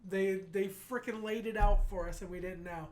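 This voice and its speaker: A man hosting an anime reaction video, chatting casually and excitedly with many fillers. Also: sits high, normal speed, a little hiss or hum.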